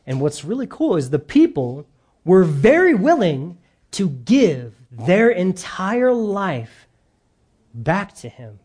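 Animated male pastor with a mellow voice. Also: a little high, breathy edge. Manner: animated, drops to soft emphasis at phrase ends. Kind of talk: sermon.

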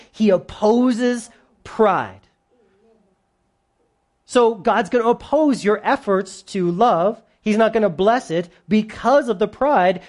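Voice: mid-range voice, darkish tone. A pastor giving a sermon in a casual, humorous way, often asking the congregation questions.

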